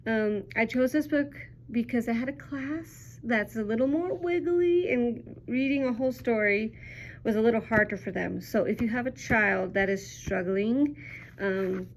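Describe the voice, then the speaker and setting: A woman's voice: a little high, measured pace, a little hiss or hum. A young woman teacher chatting casually through a children's book review, upbeat and full of ums.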